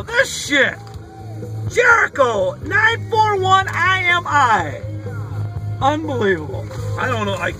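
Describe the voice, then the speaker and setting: Excitable, foul-mouthed card vlogger, man, bouncy and animated delivery, in a car. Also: very high voice. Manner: excitable, profane, hollering. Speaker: sports card collector opening mail. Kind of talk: casual card-opening vlog. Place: inside a car. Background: rock music playing faintly.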